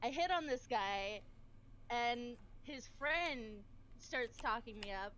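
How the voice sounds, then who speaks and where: Giggly high-voiced woman. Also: lively intonation, slow pace, fairly bright tone, lo-fi sound, a little hiss or hum. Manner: giggly, chatty. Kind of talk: casual chat on a game stream.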